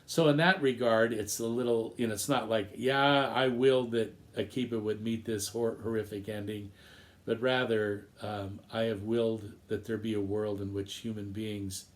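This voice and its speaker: A man teaching a recorded lesson, retelling an old story in a reflective, measured way. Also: fairly low pitch.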